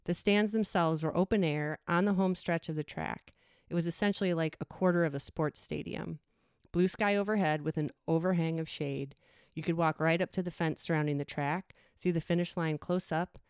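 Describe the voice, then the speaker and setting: Woman in her 40s, low smooth voice, reflective reading, dry close sound. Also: steady tone, a little mellow, dry recording. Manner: reflective, measured reading with brief acted quotes. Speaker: storyteller. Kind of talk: personal essay read aloud.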